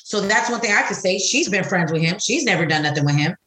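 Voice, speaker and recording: A woman's voice: medium pitch, quick pace. A middle-aged woman co-hosting a podcast, talking bluntly and profanely in casual chat. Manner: blunt, profane, animated storyteller. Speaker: podcast co-host. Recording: echoey room.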